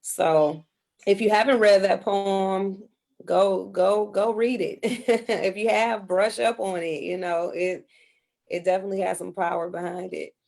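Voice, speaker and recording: A woman's voice: mid-range voice, fairly even intonation, measured pace, gravelly, a little mellow. A woman guest on a video call, talking loosely with plenty of fillers. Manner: loose, filler-heavy talk. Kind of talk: casual interview talk.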